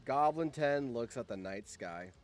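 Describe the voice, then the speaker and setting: A man hosting a channel, giving casual reaction commentary on a game simulation, swinging from low muttering to excited shouts. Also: measured pace, faint music behind. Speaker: channel host and streamer.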